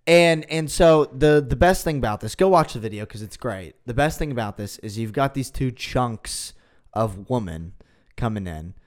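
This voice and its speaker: A man's voice: mid-range voice, expressive, moderate pace. A man hosting a podcast in casual chat, talking in a sarcastic, mocking way. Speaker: podcast host.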